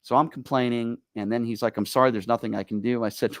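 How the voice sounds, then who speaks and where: A man's voice: mid-range voice, quick pace, dry recording. Dry-sounding male talk radio host. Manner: animated storytelling, exasperated. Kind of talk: casual talk radio chat.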